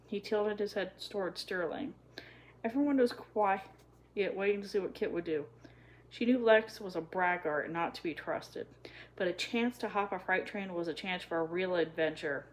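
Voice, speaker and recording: A woman reading a children's chapter book aloud in a gentle, even storytelling manner. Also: lowish voice, normal speed, poor audio. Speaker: storybook reader.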